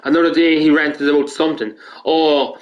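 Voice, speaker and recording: A man's voice: a little high, fairly even intonation, normal speed, dull audio. Rambling, foul-mouthed Irish man. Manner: rambling, swears a lot, restarts sentences. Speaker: gaming streamer. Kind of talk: casual ranting chat.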